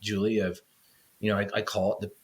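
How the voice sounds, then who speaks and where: A man's voice: on the low side, little pitch movement, a little fast. A man, a podcast guest, earnestly telling a personal story with frequent restarts.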